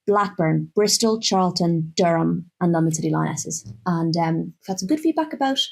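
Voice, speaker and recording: A woman's voice: fairly low pitch, expressive, normal speed, creaky, darkish tone. A woman co-hosting a casual football podcast, chatty and loose with plenty of filler words. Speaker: podcast co-host.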